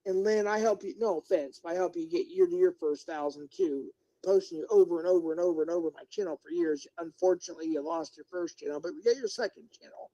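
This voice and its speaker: A man's voice: high voice, fast talker, few pauses, dark tone, highs cut off. A middle-aged man live-streaming as a YouTuber, ranting indignantly and talking straight to his viewers and chat. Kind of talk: unscripted livestream rant.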